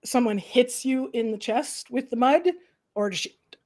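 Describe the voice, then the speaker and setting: A woman's voice: on the high side, unhurried. A middle-aged woman from the Canadian prairies, hosting a casual chat and acting out little quoted voices as she talks. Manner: animated, acts out quoted voices. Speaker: host.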